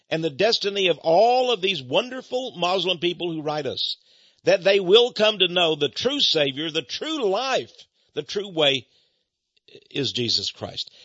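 A man's voice: high-pitched, a bit bright, dry recording, dull audio. A man preaching to his viewers as an evangelist minister, earnest and rambling, often repeating words and restarting sentences.

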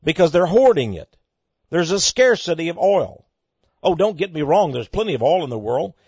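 A man giving emphatic, preaching-style commentary on the news, asking rhetorical questions and swinging between loud and soft. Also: fairly high pitch, big pitch swings, moderate pace, slightly rough, dry recording. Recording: dull lo-fi dry recording.

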